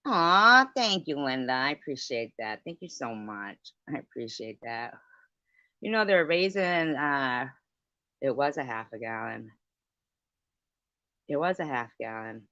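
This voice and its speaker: A middle-aged woman hosts a livestream with an extremely low, a-bit-bright voice, lively intonation, a slightly slow pace, and long pauses. She tells stories, chats casually, answers viewers, laughs often, and swears freely. Her computer mic gives dry, dull lo-fi stream audio with no echo.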